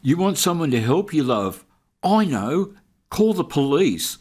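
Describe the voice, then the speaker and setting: A man's voice: on the high side, very animated, unhurried, darkish tone, slightly rough. A man giving sarcastic, mocking commentary over video footage. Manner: sardonic, mocking.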